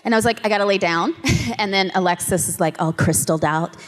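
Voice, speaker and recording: Woman telling a lively story, hall reverb. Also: medium pitch, fast talker. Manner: lively, laughing, acts out quotes. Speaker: voice actor on a convention panel. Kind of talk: animated storytelling to an audience. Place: convention panel room.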